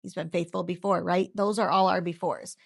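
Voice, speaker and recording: Earnest woman with a gravelly low voice. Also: level tone, fairly quick. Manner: earnest, heartfelt, repeats phrases for emphasis. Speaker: guest sharing her story. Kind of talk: faith testimony interview.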